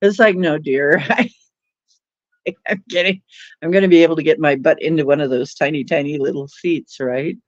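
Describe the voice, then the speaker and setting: Speaking at normal speed but pausing often, a low-pitched woman rambles and laughs as she hosts a livestream, telling casual stories with lots of fillers. The recording is dry, dull and lo-fi.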